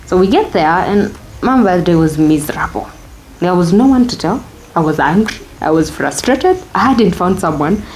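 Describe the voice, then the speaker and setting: A young woman with a Kenyan accent shares a personal story in an interview. Her voice sits low and sounds dark and soft, and she talks reflectively, moving between English and Swahili phrases. A light background hiss runs under the recording. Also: animated, moderate pace. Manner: candid, reflective, switches into Swahili phrases mid-sentence. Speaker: interview guest.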